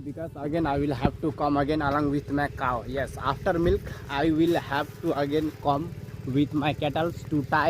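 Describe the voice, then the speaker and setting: A man's voice: mid-range voice, background noise. A young man vlogging outdoors from his farm fields, narrating in simple, plain learner's English and now and then short of breath. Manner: simple learner's English, repeats "as you can see". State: out of breath at times. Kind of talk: casual vlog narration while farming.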